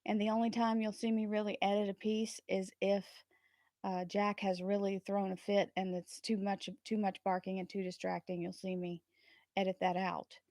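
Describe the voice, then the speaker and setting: Animated spiritual woman chatting. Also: medium pitch, moderate pace, no room sound, clean studio sound. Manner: earnest, spiritual, animated, laughs often. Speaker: tarot reader and channel host. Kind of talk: casual livestream chat.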